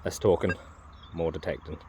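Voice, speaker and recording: Speaking at a moderate pace in a low, darkish voice with little pitch movement, a man sets up and uses a metal detector in an open farm field. His casual talk is rambling and hesitant, full of ums and self-corrections, over a faint hiss or hum.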